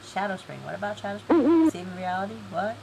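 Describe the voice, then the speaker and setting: A woman's voice: mid-range voice, sing-song, fairly quick, gravelly, darkish tone, slight background noise, rough recording. A woman live-streaming an online game event, chatty and giggly, reading game text aloud.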